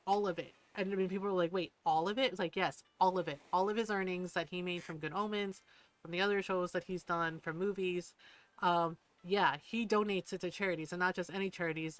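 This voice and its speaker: A woman streamer chatting casually on a gaming livestream, telling stories with lots of swearing and acting out what other people said. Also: on the low side. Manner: animated storyteller, swears freely, acts out what people said.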